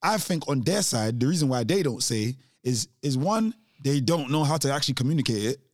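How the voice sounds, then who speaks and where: A man's voice: medium pitch, animated, a little fast, a little mellow, no echo, clean studio sound. Reflective man in his twenties. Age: 20s. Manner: reflective, thinks aloud with restarts. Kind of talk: casual discussion.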